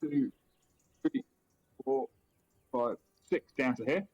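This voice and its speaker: A man's voice: medium pitch, lively intonation, slow, husky, highs cut off. A man with an Australian accent, a player at a tabletop game, talking plainly with a jokey edge. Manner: plain, matter-of-fact, jokey. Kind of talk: casual chat at a game table.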